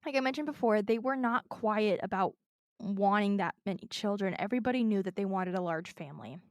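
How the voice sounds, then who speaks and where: A woman's voice: mid-range voice, fairly quick, dry recording, studio quality. A woman co-hosting a podcast, earnestly telling a true crime story in casual chat from her notes.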